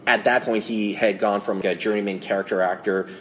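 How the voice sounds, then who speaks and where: A man's voice: lowish voice, steady tone, a little fast, slight background noise. A man hosting a casual podcast trivia quiz, reading out questions and multiple-choice answers. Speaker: quiz host.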